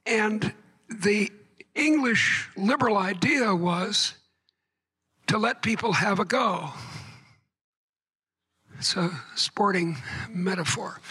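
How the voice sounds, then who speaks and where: A man giving a public lecture to an audience, halting and repeating words, with wry asides. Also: high voice, bright, forceful tone, husky, low-quality recording.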